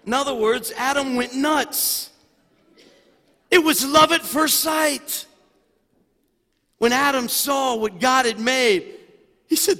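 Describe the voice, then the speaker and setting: A man preaching a sermon as pastor, animated and swinging from quiet asides to loud exclamations. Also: very high-pitched, unhurried. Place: church sanctuary. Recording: long reverb of a large hall.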